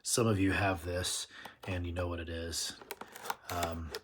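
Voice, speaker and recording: A man's voice: low-pitched, flat delivery, measured pace, background noise. A man hosting his tool channel, chatting casually and nerdily through an unboxing and correcting himself as he goes. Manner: chatty, nerdy, self-correcting.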